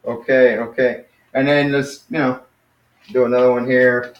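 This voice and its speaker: A man's voice: mid-range voice, little pitch movement. Male tutor, patient and encouraging, in an echoey space on a muffled recording. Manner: encouraging, patient, drills pronunciation slowly. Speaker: Greek teacher. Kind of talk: casual one-on-one lesson. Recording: roomy, dull lo-fi sound.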